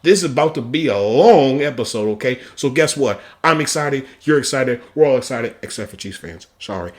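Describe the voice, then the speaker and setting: A man hosting a football podcast solo, talking with hyped, energetic delivery, big shouted outbursts and repeated "okay?" and "guess what?". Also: mid-range voice, a little fast. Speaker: podcast host.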